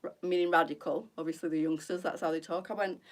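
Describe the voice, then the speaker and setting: Brief: middle-aged woman, slightly low voice, gossipy live-stream host chatting with her viewers. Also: steady tone, fast. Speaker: boutique owner hosting a live stream. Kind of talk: casual live-stream chat.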